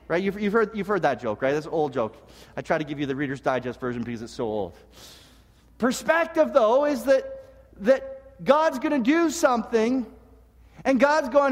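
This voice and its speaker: Man, pastor, high voice, sermon, earnest and lively, humorous asides, long hall reverb. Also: normal speed. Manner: earnest, animated preaching with humorous asides and frequent restarts.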